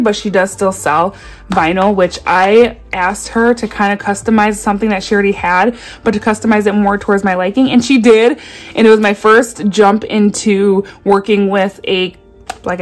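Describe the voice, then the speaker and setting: Woman, 30s, casual unboxing chat, gushing, excitable, mid pitch, faint background music. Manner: gushing, excitable, quick asides to viewers. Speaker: budgeting vlogger.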